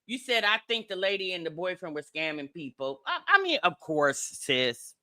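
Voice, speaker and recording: A woman's voice: fairly low pitch, moderate pace, few pauses, dry recording. A woman hosting a podcast, chatting in a sassy, casual commentary style. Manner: lively, sassy, laughing asides. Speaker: podcast host.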